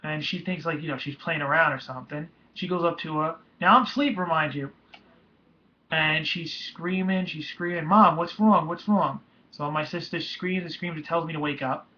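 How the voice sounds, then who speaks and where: A young man tells a painful personal story in a slightly high voice. He is halting and emotional and often restarts his sentences. The recording is dull and lo-fi. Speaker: vlogger.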